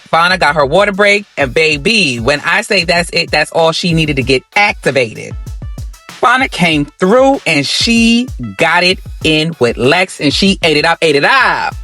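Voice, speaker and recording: A man hosting a reality TV recap, talking to viewers in an animated, sassy and dramatic way. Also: fairly high pitch. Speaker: host.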